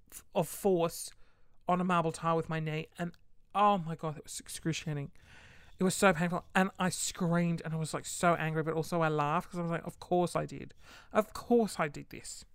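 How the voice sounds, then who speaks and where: Animated laughing storyteller woman, low voice. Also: no echo, clean studio sound. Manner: animated, laughing, swearing freely. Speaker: vlogger. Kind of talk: casual storytime.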